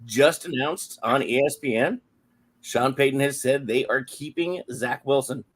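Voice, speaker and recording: Male host, mid-pitched everyday voice, playful, breaks football news casually. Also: measured pace, a bit bright, breathy edge. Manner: upbeat, playful, loses his train of thought. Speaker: podcast host. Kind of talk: casual sports chat.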